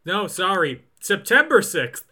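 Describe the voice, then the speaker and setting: A man hosting a podcast, reading out film facts with dry jokes in between. His voice is fairly high and very bright, with a forceful edge. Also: big pitch swings, unhurried. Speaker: podcast host. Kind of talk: casual chat with read-out film facts.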